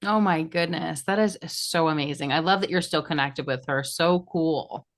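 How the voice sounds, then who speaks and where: A woman hosting a podcast interview, speaking enthusiastically and stressing key words with sharp rises. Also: deep voice, moderate pace. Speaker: podcast host.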